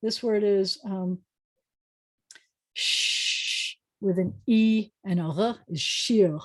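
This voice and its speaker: A woman's voice: medium pitch, unhurried, a little mellow. A woman rabbi teaching a beginners' Hebrew lesson over a video call, patiently sounding out words with chatty asides.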